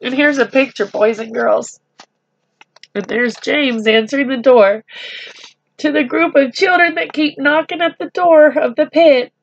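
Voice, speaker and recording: A woman reading a storybook aloud to children, speaking slowly and gently and adding chatty asides to them. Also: high voice, vocal fry, highs cut off.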